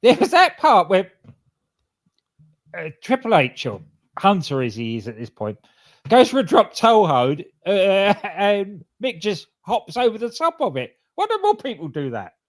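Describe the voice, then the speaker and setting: A man co-hosting a casual podcast, cheeky and quick to laugh. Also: sits high, wildly swooping pitch.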